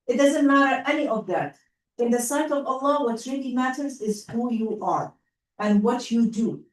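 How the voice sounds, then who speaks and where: A woman with an Arabic accent teaching a class in a lively, coaxing way. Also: a little high. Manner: lively, coaxing, quick asides to pupils. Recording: roomy classroom from far off.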